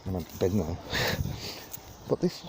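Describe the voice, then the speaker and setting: Mellow-voiced man rambling outdoors. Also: deep voice, very animated, takes it slowly, slight background noise. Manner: rambling, chatty, laughs at own jokes. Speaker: vlogger giving a park tour. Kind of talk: casual walking tour narration. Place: outdoors in a city park. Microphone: phone held while walking.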